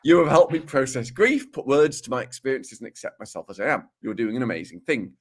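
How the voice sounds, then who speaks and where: A man with a Black Country Dudley accent, co-hosting a casual podcast. His pitch swings widely as he reads listener letters aloud, and he slips into jokey, mock-serious asides. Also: big pitch swings, fast. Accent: Dudley, Black Country English. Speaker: podcast co-host.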